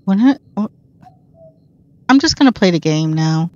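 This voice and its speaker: Here a woman streams her gameplay with animated, fairly low-pitched chatter, poking fun at herself as things unfold on screen. She talks at a moderate pace in a dry, dull-sounding recording.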